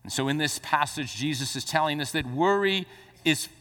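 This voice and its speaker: Bright-voiced preacher man in a reverberant hall. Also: on the high side, moderate pace. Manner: preaching with rising exclamations and playful asides. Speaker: pastor. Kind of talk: sermon.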